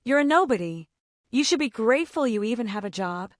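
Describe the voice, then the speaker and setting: A man's voice: extremely high pitch, expressive, brisk, no echo, clean studio sound. A woman voicing an arrogant male office manager who sneers at staff. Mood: sneering. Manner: sneering, contemptuous.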